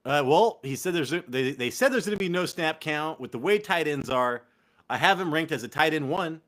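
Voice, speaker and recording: Young Californian man, podcast host, slightly high voice, swears and laughs a lot. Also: lively intonation, a little fast, fairly bright tone. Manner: loose, profane, laughing banter. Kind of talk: casual fantasy football chat.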